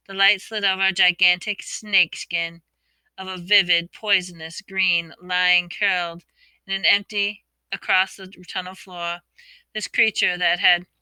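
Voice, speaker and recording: A woman reading a storybook aloud, expressively voicing the characters' shouts and whispers. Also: lowish voice, smooth, dry recording. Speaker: audiobook reader.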